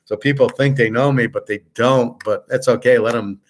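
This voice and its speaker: An American man hosts a live sports picks stream and talks casually to his viewers. He wanders through long, opinionated anecdotes and swears without hesitation. His voice sits at an ordinary middle pitch. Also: fairly even intonation, moderate pace, slight background noise. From United States. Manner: rambling and blunt, swears freely. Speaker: host of a sports betting picks show.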